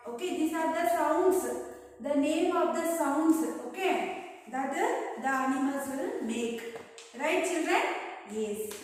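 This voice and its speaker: A woman teaching a lesson to young children, patient and repetitive, checking in with "right?" after almost every line. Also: sits high. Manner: patient, repeats "right?" and "yes" often, acts out animal sounds. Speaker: primary school teacher. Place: classroom. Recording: echoey room, voice from far off.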